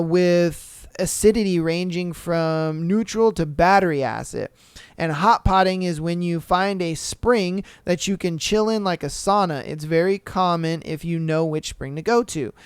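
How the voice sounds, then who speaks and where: A man's voice: sits high, clean tone, no room sound, studio quality. A man hosting a podcast, reading listener stories aloud and reacting with laid-back, profane, joking asides. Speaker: podcast host.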